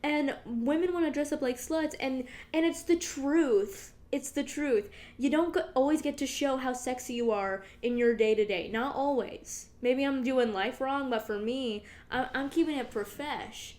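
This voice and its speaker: A woman's voice: high-pitched, measured pace, hardly any pauses, darkish tone. A young woman hosting her own podcast, rambling casually, swearing and laughing as she goes. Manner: chatty, rambling, swears freely, laughs often. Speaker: podcast host. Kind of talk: casual solo podcast monologue.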